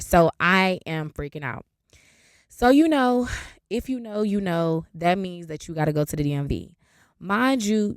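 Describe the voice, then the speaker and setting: A woman, hosting a podcast and telling a story in a casual, animated way. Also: on the low side, dry recording, studio quality. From Raleigh, North Carolina. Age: 20s. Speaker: podcast host. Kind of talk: casual story time monologue.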